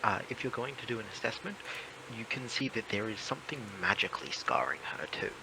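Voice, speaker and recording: A man playing in a tabletop game, explaining things in a measured way with fillers. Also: on the low side, big pitch swings, noisy background. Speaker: player.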